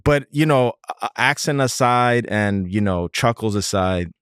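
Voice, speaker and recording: A man's voice: mid-range voice, expressive, unhurried, a bit bright, clean tone, no echo. A man hosting a branding podcast in a studio, talking in a rambling, emphatic way with many digressions. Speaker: podcast host, branding consultant. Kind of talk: casual podcast conversation.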